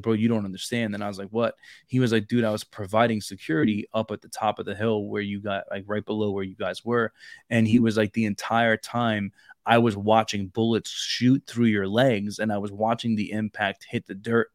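A man on a podcast, telling a long story in casual chat, rambling and full of fillers, growing loud when he acts out shouting. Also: on the low side, flat delivery, brisk, no echo. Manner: rambling, repeats fillers like "like" and "bro". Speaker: podcast co-host.

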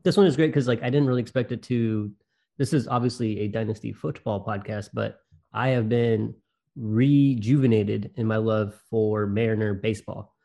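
A man hosting a football podcast, introducing the show and chatting in a relaxed, upbeat way. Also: lowish voice, moderate pace, gravelly. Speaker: podcast host. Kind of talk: casual chat.

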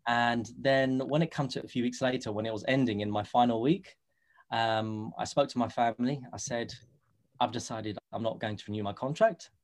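A man in his thirties with a London accent speaks as a podcast guest. He tells his story earnestly, slipping into the voices of the people he quotes. His voice sits at an ordinary middle pitch. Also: fairly even intonation, normal speed. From England. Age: 30s. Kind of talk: casual podcast interview.

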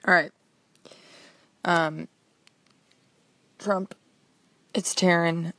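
A woman's voice: fairly low pitch, big pitch swings, normal speed, creaky, no echo. A young woman hosting a show, rambling through a comic voicemail in a chatty, self-deprecating way. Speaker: podcast host.

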